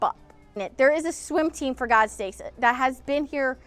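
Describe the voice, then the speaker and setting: A woman's voice: sits high, a little slow, fairly bright tone, clean tone, no echo. A middle-aged woman, hosting a casual vlog outdoors beside an old pool and talking indignantly to camera. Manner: indignant, emotional, ranting. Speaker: vlog host.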